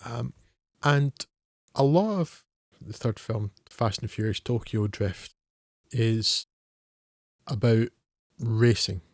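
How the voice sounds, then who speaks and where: A man's voice: mid-range voice, slow, dry recording, clean studio sound. A man co-hosting a film podcast, talking in a wry, hesitant way with many fillers. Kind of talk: casual film discussion.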